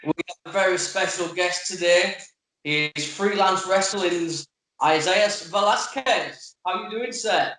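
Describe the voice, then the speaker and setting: A British man with a high voice co-hosts a casual interview over a video call. He jokes about himself easily, and the sound rings around a very echoey room. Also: unhurried, sharp tone. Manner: jokey, self-deprecating. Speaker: podcast co-host.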